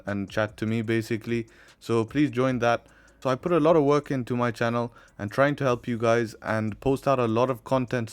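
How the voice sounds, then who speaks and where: A young man hosting his own channel, explaining trading charts in a loose, chatty way with frequent fillers. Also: mid-range voice. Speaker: trading educator and channel host. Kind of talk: casual trading tutorial.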